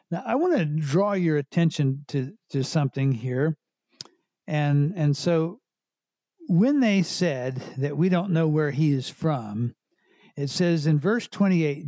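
A man giving a verse-by-verse Bible teaching, explaining passages in an unhurried way with frequent restarts. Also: a little high, warm tone, no room sound.

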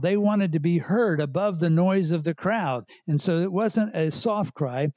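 A man giving a verse-by-verse Bible teaching, explaining passages in an unhurried way with frequent restarts. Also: sits high, darkish tone, dry recording.

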